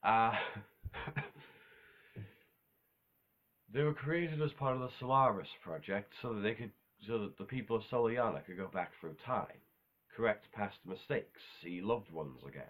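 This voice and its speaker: A man's voice: lowish voice, animated, a little slow, long pauses, narrow, tinny audio. A man talking in a casual, unscripted monologue, rambling offhand with self-corrections and casual swearing. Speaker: video host ranking game villains.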